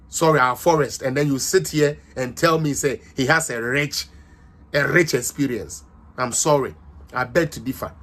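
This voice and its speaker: A man with a Ghanaian accent hosts a livestreamed political commentary, combative and mocking as he shifts between languages. His voice is a little high with a fairly bright tone.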